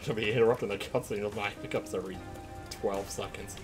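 A young man with a fairly low, steady voice talks fast as he streams a story game to game music. His chat is casual and rambling between stretches of play, and he tends to trail off using fillers like "like".

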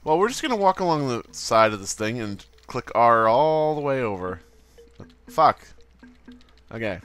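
A man's voice: medium pitch, sing-song, unhurried, fairly bright tone, smooth, faint music behind. A man casually commenting on his own gameplay, goofy and swearing, with silly sound effects. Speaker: let's play host.

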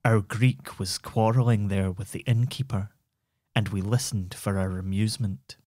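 A man narrating a bedtime story for adults in a soothing, measured manner. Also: on the low side, steady tone, darkish tone, dry recording.

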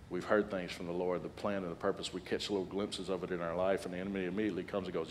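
A man in his forties preaching a sermon as a guest speaker, animated and humorous, building to loud peaks. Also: sits low, fast talker, slight background noise. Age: 40s.

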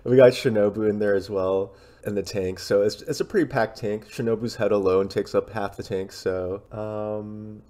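Guy with a lowish voice on a podcast, relaxed casual recap. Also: moderate pace, hardly any pauses. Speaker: podcast co-host. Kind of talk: casual chat recapping a comic chapter.

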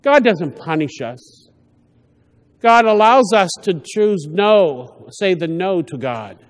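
A priest with a high, light voice delivers a homily, speaking plainly and often stopping to restart a thought. His words ring out with the long reverb of a church. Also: big pitch swings. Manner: conversational, halting with frequent restarts.

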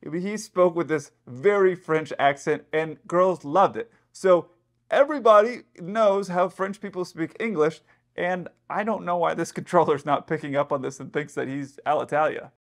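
A man's voice: a little high, normal speed, creaky. A man who is an airline pilot, casually talking through an incident and guessing aloud at what went wrong. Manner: chatty, explanatory, speculating aloud. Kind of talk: casual commentary.

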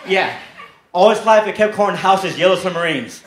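A young man performs a stand-up comedy set on a club stage and tells his stories deadpan. His voice sits a little high for a man. The handheld mic catches a roomy echo and loud crowd noise behind him. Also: moderate pace. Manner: deadpan storytelling with brief shouted character bits.

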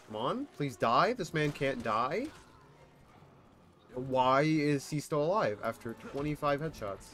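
A man's voice: a little high, expressive, unhurried, a bit bright. Young man streaming, exasperated game chatter. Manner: exasperated, reactive, talks to chat and partner. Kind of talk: live gameplay commentary.

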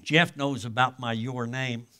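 An older man, a guest pastor, preaching a sermon in a folksy storytelling way, with casual grammar, swinging from loud exclamations to hushed asides. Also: mid-range voice, fairly even intonation, a little slow. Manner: colloquial grammar.

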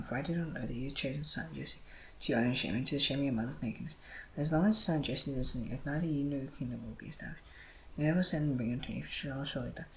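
A man reading scripture aloud, moving quickly and often stumbling over words and starting lines again. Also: mid-range voice, slight background noise, rough recording. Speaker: Bible reader.

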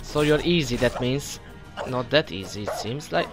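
A male gamer hosts a let's play, providing gameplay commentary as he taunts enemies and talks to himself. His voice is mid-range and animated at a moderate pace, with music playing in the background.

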